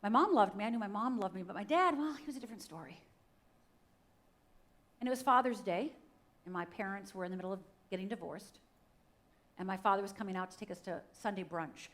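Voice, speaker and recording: On a church stage, a middle-aged guest speaker from Upper Michigan gives her personal testimony, addressing the audience directly and dramatically acting out the voices in her story. Her voice sits in the mid-range, a little fast, with frequent pauses.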